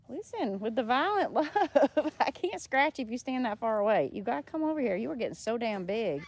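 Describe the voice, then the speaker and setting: A woman's voice: a little high, sing-song, moderate pace, few pauses, background noise. A woman, cooing affectionate baby talk to cows outdoors on a farm, recorded on a handheld phone. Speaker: farmer. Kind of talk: casual talk to animals.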